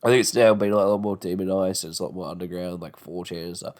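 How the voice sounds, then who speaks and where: Talking fast in a low, slightly mellow voice with fairly even intonation, this twenty-something Australian hosts a casual solo podcast monologue. He rambles, curses freely, and slips into mocking put-on voices while nursing a sore tongue and jaw.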